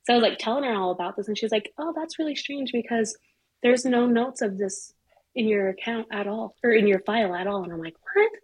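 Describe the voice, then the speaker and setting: A middle-aged woman telling a personal story in casual chat, animated and swearing freely. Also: mid-range voice, fast, husky, rough recording. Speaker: guest.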